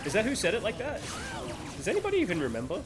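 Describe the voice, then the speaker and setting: This adult streamer's high voice swoops wildly in pitch as he races along. He rambles playfully during live gameplay chat, laughing at himself, with game music in the background.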